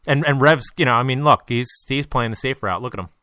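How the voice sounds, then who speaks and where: A man's voice: medium pitch, fast, pushed and bright, no room sound, clean studio sound. A man hosting a podcast, talking in a blunt, profane, ranting way and joking between points. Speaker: podcast host. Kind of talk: casual chat.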